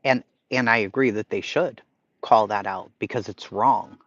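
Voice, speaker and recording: A man's voice: lowish voice, moderate pace, fairly bright tone, dry recording. Boston-accented male streamer, blunt and profane, casual rant over slightly dull, lo-fi audio. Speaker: livestream host reading chat. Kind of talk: casual chat.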